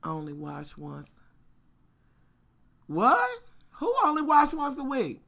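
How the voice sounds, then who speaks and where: A woman's voice: high-pitched, sing-song, moderate pace, creaky, a bit bright. A woman vlogger telling a story casually and talking straight to her viewers, cursing freely and with lots of animation.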